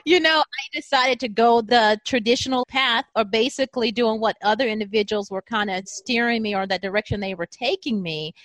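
A woman's voice: on the high side, a little fast, few pauses, dry recording. A woman hosting a podcast interview, praising her guest effusively and asking follow-up questions. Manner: warm-hearted and effusive, asks follow-ups. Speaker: podcast host.

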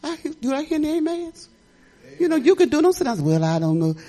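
Her voice is high-pitched and dark-toned, and she speaks quickly. An older woman preaching, she spins folksy sermon stories in a rambling, chatty style, frequently breaking into laughter.

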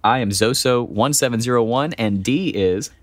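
A middle-aged man with a mid-range voice chats casually as a podcast co-host, rambling somewhat with restarts and easy laughter. The recording is dry.

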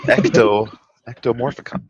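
A man's voice: medium pitch, normal speed, slightly rough. A man hosting a live podcast, joking with his co-hosts and reading viewer comments aloud. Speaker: podcast host. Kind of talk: casual live podcast chat. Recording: lo-fi muffled audio.

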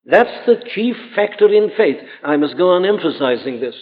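A man's voice: high-pitched, sing-song, normal speed. A man preaching a sermon, earnest and emphatic, his voice climbing sharply when he presses a point. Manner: earnest, emphatic, rising to exclamations. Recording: tinny phone-like old hall recording with long reverb.

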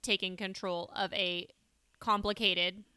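A woman's voice: medium pitch, flat delivery, slow, bright, forceful tone, clear, resonant tone, dry recording, clean studio sound. A woman co-hosting a casual podcast, wry and loose, swearing freely. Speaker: podcast co-host.

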